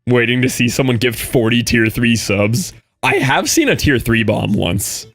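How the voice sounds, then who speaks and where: A man livestreaming and chatting with viewers, excitable and laughing often, with quick asides to chat. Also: medium pitch, creaky. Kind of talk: live stream chatter reading chat.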